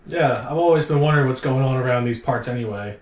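Relaxed rambling male player. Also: medium pitch, fast talker. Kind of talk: in-character tabletop role-play. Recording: roomy echo.

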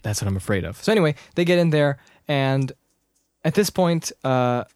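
A man in casual conversation, eagerly retelling movie scenes and throwing in quick impressions and sound effects. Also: medium pitch, big pitch swings, a little mellow, clean tone, dry recording, clean studio sound.

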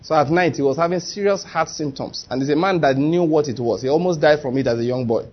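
A man with a Nigerian accent, preaching a lively sermon and acting out quotes. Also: on the high side, fast, husky, dull audio. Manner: lively, chatty preaching with acted-out quotes and laughter. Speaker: pastor.

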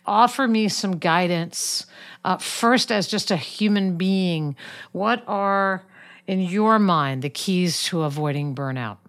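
A woman hosts a podcast interview in an encouraging, conversational way. Her voice sits on the lower side for a woman. She frames her questions clearly for the guest. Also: slow pace, fairly bright tone. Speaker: podcast host.

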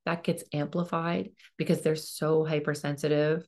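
A woman's voice: sits low, flat delivery, normal speed, darkish tone. A woman hosting a parenting podcast, giving earnest coaching advice and acting out what a parent might say. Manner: earnest, coaching tone, acts out parent and child lines; emphatic repetition. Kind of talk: advice monologue.

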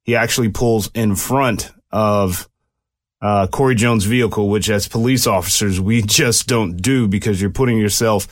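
A commentator and former police officer with a lowish voice and moderate pace speaks casually about a police shooting case. He explains it to viewers loosely and conversationally, with restarts, speaking as a police officer.

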